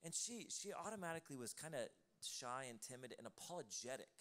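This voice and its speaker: A man's voice: mid-range voice, big pitch swings, a little fast, a bit bright. Man preaching a chatty, laughing sermon. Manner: conversational storytelling with laughing asides. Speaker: pastor. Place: church auditorium, live service.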